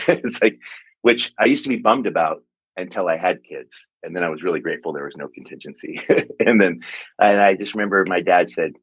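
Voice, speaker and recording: A man in his forties, a pastor and author, telling a personal story in an interview, earnest and reflective with halting restarts. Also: low voice, fairly bright tone, husky, dry recording, poor audio. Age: 40s.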